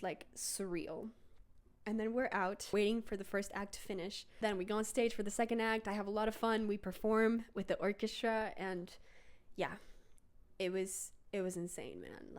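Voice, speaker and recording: A young woman telling a personal story in a casual vlog, chatty and full of "like". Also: darkish tone. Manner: chatty, fills with "like" and "bro"; jumps into high voices when quoting.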